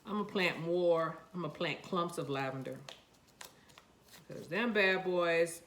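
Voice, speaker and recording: A woman's voice: fairly low pitch, measured pace, a bit bright, slight background noise. A woman with a New York accent, chatting to herself and her seeds while planting them in a casual gardening vlog. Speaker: gardening vlogger.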